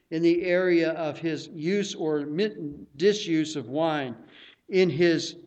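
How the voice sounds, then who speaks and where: A man's voice: on the high side, muffled recording. A man pastor preaching a sermon in an earnest, emphatic way, stressing and repeating key words.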